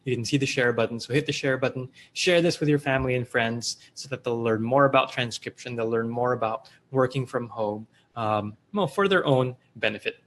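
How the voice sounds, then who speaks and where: A man's voice: medium pitch, fairly quick, few pauses, fairly bright tone. A man with a Filipino accent hosting a casual live-stream Q&A, reading viewer comments aloud in a loose, chatty way with fillers and restarts. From Philippines. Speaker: host of a live online Q&A.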